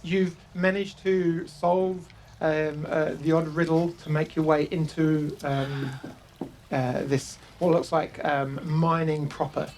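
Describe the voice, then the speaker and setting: GM, New Zealand accent, gravelly, halting, light noise floor. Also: medium pitch, flat delivery, darkish tone. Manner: hesitant, many ums and restarts. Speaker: game master. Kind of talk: narrating a tabletop game.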